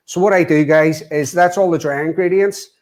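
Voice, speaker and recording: A man's voice: a little high, moderate pace, a little mellow. A man cooking live on camera, talking viewers through a recipe in a chatty way, often saying "as I say" and "wee". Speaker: guest cook.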